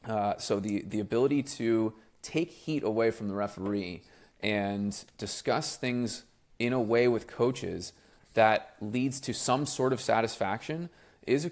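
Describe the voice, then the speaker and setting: A man explaining his refereeing work in a measured, thoughtful way during a casual interview. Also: medium pitch. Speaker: professional referee guest.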